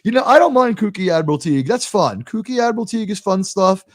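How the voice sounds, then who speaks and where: High-voiced rambling American man. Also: fast, no room sound, studio quality. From United States. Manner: rambling, animated storytelling with frequent fillers. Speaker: host. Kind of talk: casual live talk show chat.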